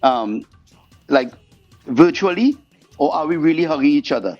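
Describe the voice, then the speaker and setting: A man being interviewed as a guest singer, telling stories in a lively way and acting out the voices of the people in them. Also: on the high side, normal speed. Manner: animated storyteller, acts out quoted voices. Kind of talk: storytelling interview chat. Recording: muffled podcast audio with faint music.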